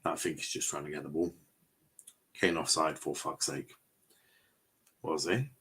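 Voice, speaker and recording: A man's voice: extremely low pitch, fairly even intonation, a little slow, creaky, a bit bright, breathy edge. A young man, commenting casually on a live football match while chatting with viewers. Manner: chatty, reacting to play and reading chat aloud. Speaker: watchalong streamer.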